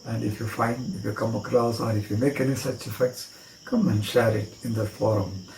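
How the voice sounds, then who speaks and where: Indian-accented male magic teacher, mellow voice, spells and repeats patiently, roomy echo with faint crickets. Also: medium pitch, steady tone, normal speed, a little hiss or hum. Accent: Indian English. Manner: spells words out letter by letter, repeats phrases rhythmically. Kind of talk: card trick tutorial. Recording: echoey room with faint cricket chirps.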